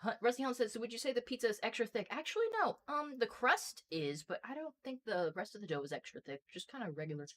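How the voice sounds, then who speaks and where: A woman hosting a casual stream, chatting quickly and reading out viewer messages. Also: on the high side, lively intonation. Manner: quick, bubbly, reads chat messages aloud. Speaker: streamer and host. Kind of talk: casual chat while reading live chat.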